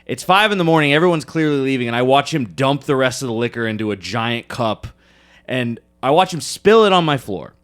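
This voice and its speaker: A male podcast co-host spins an animated party story with lots of cursing and frequent laughter. His pitch is average for a man, and he talks in a loose, conversational way. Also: brisk. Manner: profane, laughs often, animated retelling. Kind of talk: casual chat, storytelling.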